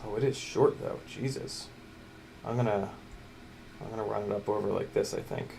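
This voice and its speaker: Over slight background noise, a man with a lowish, gravelly, dark voice talks at normal speed in a steady tone. He's streaming a drone build from his workbench, chatting casually and joking while muttering and coaxing the parts.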